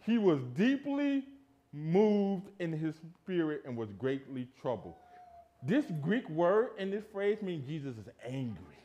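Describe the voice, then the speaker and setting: A man delivering a church sermon, his carrying emphatic rhetorical questions. His pitch sits a little high and swoops widely as he swings from loud declarations to hushed asides. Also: very animated, unhurried, lo-fi sound. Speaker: pastor. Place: church sanctuary.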